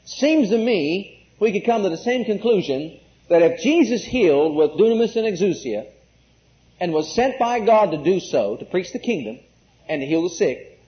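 A man's voice: high voice, animated, moderate pace. A man preaching an emphatic sermon, asking the congregation questions and repeating key words. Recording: muffled lo-fi recording.

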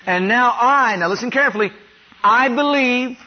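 A man from Ohio preaches a sermon in a high voice, leading the congregation in call-and-response declarations. He grows louder and higher as he repeats them. The recording sounds dull and lo-fi. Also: normal speed. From Ohio, USA. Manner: has the congregation repeat declarations after him.

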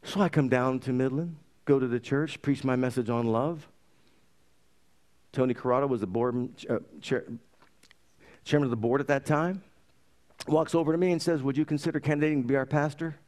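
A middle-aged man, a pastor, delivers a sermon with lively energy, recounting his own story and quoting scripture. His voice sits in the mid-range and moves a little fast, broken by long pauses.

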